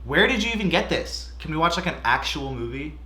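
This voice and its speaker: Exasperated man, lively voice, echoey room. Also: a little high, fairly quick, background noise. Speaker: sketch actor. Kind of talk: comedy sketch acting.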